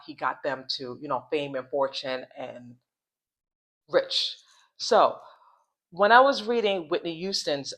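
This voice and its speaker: A woman with a low-pitched, fairly bright voice hosts a casual commentary vlog. She rambles, repeats phrases and restarts sentences, and slows down to spell out difficult words.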